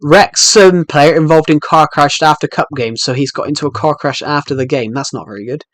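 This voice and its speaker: A man's voice: a little high, brisk, a bit bright, no echo. A young man live-streaming a game, rambling and joking as he answers chat messages. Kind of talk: casual live-stream chat while gaming.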